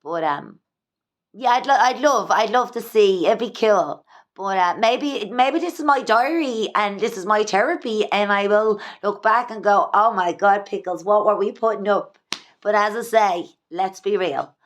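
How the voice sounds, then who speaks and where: An Irish woman vlogging from home, talking fast and candidly in a rambling, repetitive way. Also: medium pitch. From Ireland. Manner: rambling, fast, repeats herself. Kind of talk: candid confessional vlog. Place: at home in her own small place.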